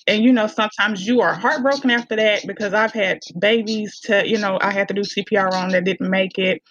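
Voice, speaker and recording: Southern US woman, candid podcast guest, mid pitch, slightly dull dry sound. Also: a little fast, few pauses, no echo. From Arkansas, US. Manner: candid, animated, laughs often. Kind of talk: casual interview chat.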